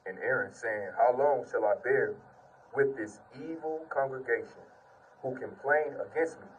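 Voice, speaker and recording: A man's voice: medium pitch, fairly bright tone, recorded from a distance, slight background noise, poor audio. A man giving an informal sermon and testimony, reading scripture and preaching earnestly, repeating "man" often while sitting on the ground. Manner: earnest, repetitive, peppers speech with "man".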